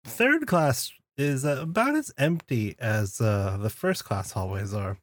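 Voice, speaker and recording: A man's voice: mid-range voice, lively intonation, a little slow, dry recording. A man playing a tabletop role-playing game, laid-back, laughing often. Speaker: player.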